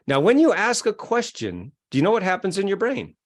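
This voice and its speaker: A man's voice: high voice, wildly swooping pitch, fairly quick. A middle-aged man, a self-help author, explains his method in an interview, acting out quoted voices and chuckling often. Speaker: guest, self-help author and keynote speaker.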